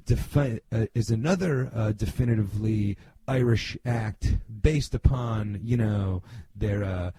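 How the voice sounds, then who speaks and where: A man's voice: mid-range voice, dark tone, husky. A middle-aged man from New Jersey hosting a podcast, talking in a casual, rambling monologue full of fillers, blunt and sometimes swearing. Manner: rambling, many fillers and restarts. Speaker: podcast host.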